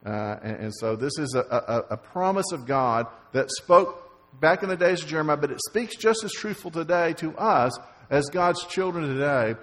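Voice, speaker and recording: A man's voice: a little high, animated, moderate pace, a bit bright. A man preaching a sermon, stumbling over repeated words and fillers, then rising to stress key lines. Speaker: pastor. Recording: long reverb of a large hall.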